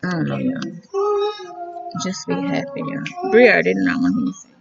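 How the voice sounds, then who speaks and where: A woman's voice: lowish voice, wildly swooping pitch, moderate pace, creaky, muffled recording, loud music behind the voice. A woman vlogger chatting outdoors by a pool, rambling in a candid, slangy way. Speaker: beauty vlogger. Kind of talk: casual chat.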